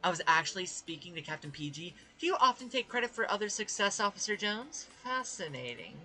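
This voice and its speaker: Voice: mid-range voice, very animated, fairly quick, pushed and bright, soft background music. A gamer reading game dialogue aloud, voicing a blunt, morbid young female psychology student in a cool, matter-of-fact way.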